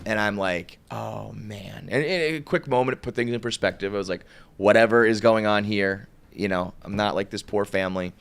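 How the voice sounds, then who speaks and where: A man's voice: on the low side, brisk, clean tone. A young man telling a long, rambling story on a podcast, full of "like" and laughing at his own tale.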